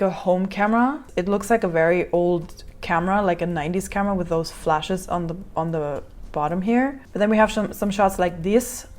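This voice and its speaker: A woman's voice: on the low side, a little mellow. A young woman hosting a reaction video, chatting casually and thinking aloud with many fillers and restarts. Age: young adult.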